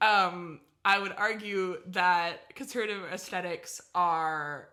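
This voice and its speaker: A woman's voice: on the low side, steady tone, pushed and bright. A young woman co-hosting a podcast, riffing and laughing in casual banter. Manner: giggly, quick riffing, explains at length. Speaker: podcast co-host.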